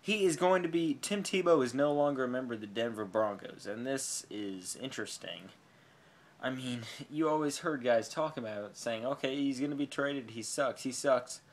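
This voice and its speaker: A woman's voice: rumbling low, moderate pace, darkish tone. A woman sports vlogger giving a heated, profane rant, swearing freely and sounding exasperated.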